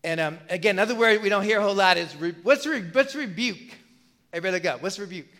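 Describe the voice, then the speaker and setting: A man with a high, bright voice preaches a sermon in a casual, conversational way. He keeps asking the congregation questions and stumbles over repeated words. His voice rings with the long reverb of a church hall. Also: quick pace. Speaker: pastor.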